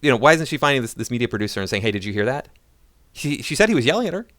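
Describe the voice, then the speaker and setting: A man's voice: mid-range voice, big pitch swings, very fast, fairly bright tone, no room sound. A man ranting in sarcastic, mocking political commentary.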